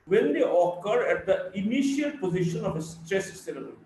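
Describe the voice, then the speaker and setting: A man with an Indian English accent giving a college phonetics lecture, slowly reading out word lists and repeating key points. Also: sits high, big pitch swings, a little mellow. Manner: slow and deliberate, repeating words for drill. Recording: echoey room, mic far off, faint hiss.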